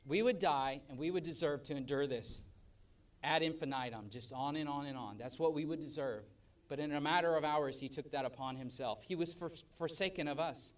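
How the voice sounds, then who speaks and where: A man preaching a sermon as pastor at a church service, emphatic, swelling loud and dropping soft. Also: a little high, a little fast, distant mic.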